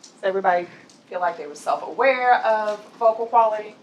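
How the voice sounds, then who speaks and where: In an office training room, a voice and presence trainer runs a corporate session on voice, coaching the group, putting questions to them, and laughing often. Her medium-pitched voice is expressive and a little quick. The audio is poor, with a slight hiss or hum.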